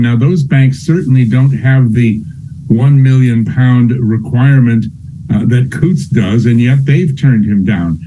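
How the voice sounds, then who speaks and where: A man appearing as a guest finance expert on a talk show. His voice is mid-pitched and very dark, and he explains things in a measured way over faint background noise. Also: rough recording.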